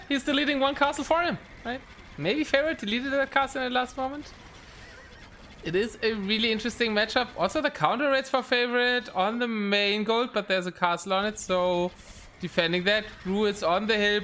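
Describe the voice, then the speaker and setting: A high-pitched man with a bright, sharp voice casts a live esports match. He gets excitable and rambles along with frequent ums between calls. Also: slight background noise. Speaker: game caster.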